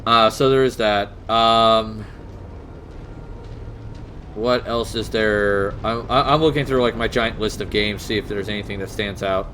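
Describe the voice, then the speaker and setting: A man's voice: on the low side, steady tone, measured pace, sharp tone, a little hiss or hum. Rambling, casually swearing man. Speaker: podcast co-host. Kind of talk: casual chat.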